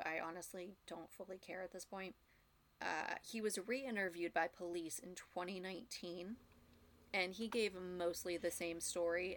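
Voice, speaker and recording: A young woman with a slightly low voice chats casually as a podcast co-host, recounting stories with plenty of fillers and easy laughter. A faint hum of room ambience sits behind her. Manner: chatty, laughs often, uses fillers.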